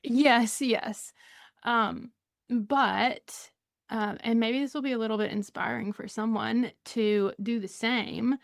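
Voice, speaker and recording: A woman's voice: on the high side, fairly even intonation, slow, vocal fry, no room sound, clean studio sound. A woman with a Southern US accent, a podcast guest chatting casually, rambling and laughing often. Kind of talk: casual conversation.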